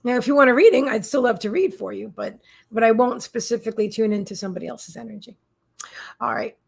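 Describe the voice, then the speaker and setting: A woman hosting a psychic reading live stream in a casual chat. Her voice sits a little high and has a gravelly fry. She gushes and repeats her thanks and greetings, trailing into restarts and fillers. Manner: halting restarts and many fillers.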